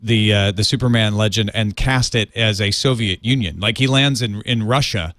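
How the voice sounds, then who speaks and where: A man co-hosting a podcast, chatting casually with dry jokes and quick bursts of talk. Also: lowish voice, fairly bright tone, no echo. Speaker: podcast co-host. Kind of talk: casual chat.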